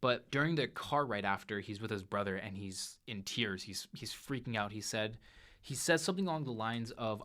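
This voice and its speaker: On his movie review show, a young podcast host walks through a film's story in a loose, lively monologue and occasionally voices the characters' lines. He has a fairly low pitch and talks at normal speed.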